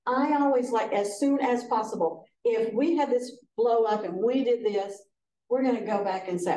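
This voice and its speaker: Older woman, folksy workshop trainer, mellow voice, roomy echo. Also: fairly high pitch, moderate pace, a little hiss or hum. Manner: folksy, acts out quotes with voices. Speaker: trainer presenting to foster care advocates. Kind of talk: casual workshop talk. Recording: echoey room, voice from a distance.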